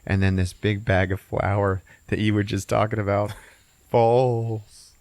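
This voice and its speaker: A man hosting a podcast, casually recapping a movie with an animated, profane delivery and frequent laughs. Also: fairly low pitch, unhurried, dry recording. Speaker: podcast host.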